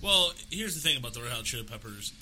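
A man's voice: medium pitch, very animated, fast talker, noisy background. A man giving his opinions as a co-host on a casual panel podcast, hesitant and full of fillers.

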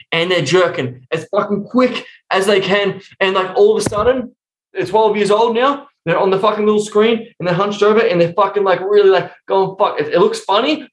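A young adult man speaking as a coach in a casual podcast interview, swearing constantly as he tells animated stories. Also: high-pitched. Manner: profane, animated storytelling. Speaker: sex and intimacy coach, guest. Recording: roomy echo.

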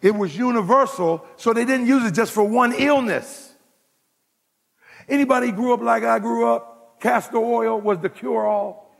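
Preacher man, husky and gravelly, loud then hushed, echoing sanctuary. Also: very high voice, a little slow. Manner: preaching with call-outs to the congregation, swinging from loud to hushed. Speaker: pastor. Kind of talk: sermon.

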